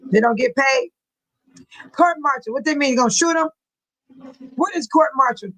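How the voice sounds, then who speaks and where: A woman with a high voice hosts a relaxed livestream. She reads news articles aloud and breaks off to talk back to her viewers in the chat. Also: normal speed, rough recording. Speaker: livestream host.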